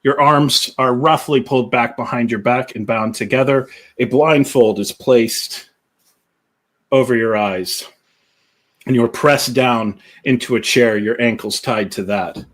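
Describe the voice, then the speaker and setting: A man running a tabletop role-playing game, narrating scenes slowly and deliberately. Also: medium pitch, a bit bright. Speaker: game master.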